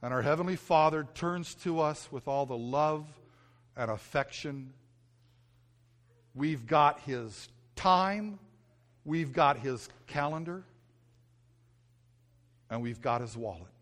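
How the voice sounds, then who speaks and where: Man, pastor, earnest sermon, fairly high voice, hushed soft passages, storytelling. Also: slow pace, pauses often.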